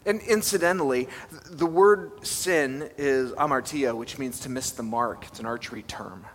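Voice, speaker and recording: A man's voice: medium pitch, moderate pace, a bit bright. A young male pastor giving a conversational, self-deprecating sermon and putting questions to his listeners. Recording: reverberant hall with faint ambience.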